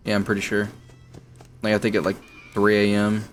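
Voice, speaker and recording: A man's voice: lowish voice, completely flat delivery, brisk, soft background music. A young man casually chatting while playing a horror video game, in a laid-back, mumbling way. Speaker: gaming YouTuber. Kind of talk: casual let's play chat.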